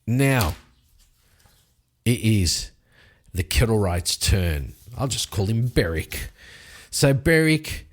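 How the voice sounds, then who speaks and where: Slow-talking man narrating a solo tabletop game. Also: fairly low pitch. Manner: animated storytelling with sound effects.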